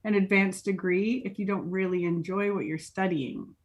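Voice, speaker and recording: A woman's voice: mid-range voice, steady tone, moderate pace. Chatty, laughing American woman in her thirties. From United States. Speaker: interview guest. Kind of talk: casual interview.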